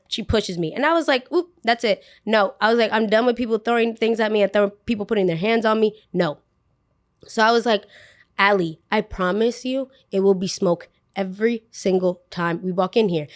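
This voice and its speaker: Young woman, casual podcast storyteller, animated delivery with quoted voices and lots of "like". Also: mid-range voice. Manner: animated, acts out quotes, heavy use of "like". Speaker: podcast guest.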